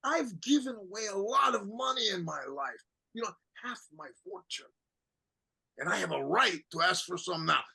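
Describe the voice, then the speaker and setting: An actor doing a bitter, gravelly old count. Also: mid-range voice, expressive, moderate pace, pushed and bright, full character voice. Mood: pleading. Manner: laughs bitterly, breaks into tears. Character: bitter, mocking aging male count. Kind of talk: amateur play reading.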